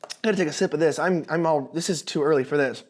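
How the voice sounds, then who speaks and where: A young man hosting a casual political commentary monologue, speaking in a notably high voice. He sounds animated and sarcastic, often stumbling and restarting his sentences. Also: quick pace. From United States.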